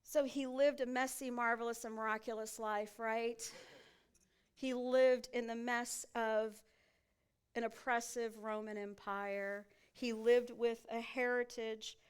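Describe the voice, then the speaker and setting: High, smooth-voiced woman preaching a sermon. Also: little pitch movement, slow pace. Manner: keeps checking in with the congregation with rhetorical questions. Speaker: pastor. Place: church sanctuary.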